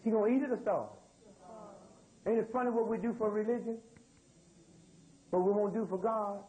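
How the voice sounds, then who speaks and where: Speaking to an audience in a room, an American man drawls through stories using loose spoken grammar and keeps prompting the crowd with questions. His high-pitched voice holds a steady, dark tone at a moderate pace. The recording sounds rough.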